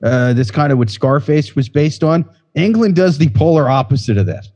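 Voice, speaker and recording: A man co-hosting a casual podcast, crude and jokey, quick with comic bits. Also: a little high, expressive, a little mellow. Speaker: podcast co-host.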